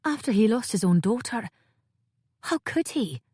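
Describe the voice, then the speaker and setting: A woman's voice: fairly high pitch, big pitch swings, moderate pace, a little mellow, slightly rough, no echo, studio quality, pitched above the performer's own voice. A woman voicing an anxious, earnest fair-haired young woman in an audiobook, her lines pleading and urgent. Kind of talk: audiobook character voice.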